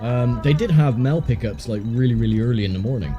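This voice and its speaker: A man's voice: mid-range voice, quick pace, warm tone, lo-fi sound. A British man chatting and joking casually while playing a game on a livestream, laughing often. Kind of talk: casual gameplay chat. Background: game music.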